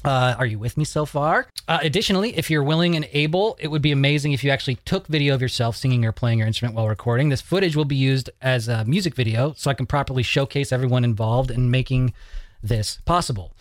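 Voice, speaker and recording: A man's voice: medium pitch, fast talker, dry recording, clean studio sound. A man hosting a podcast in a loose, joking way, swearing casually as he talks. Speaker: podcast host.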